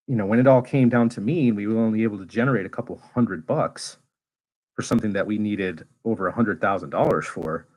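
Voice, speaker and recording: A man hosting a casual livestream, chatting candidly and swearing freely, and now and then working himself into animated rants. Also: on the low side, rough recording. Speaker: space YouTuber and livestream host.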